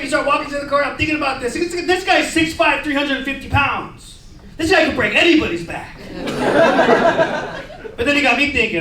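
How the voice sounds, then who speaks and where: A man in his thirties works a stand-up set in a loose, profane way, calling people "bro" and "man." His voice sits high and carries from a distance. The room is echoey, and the crowd is clearly heard throughout. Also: animated, fairly quick. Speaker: stand-up comedian. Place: comedy club stage. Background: laughing audience.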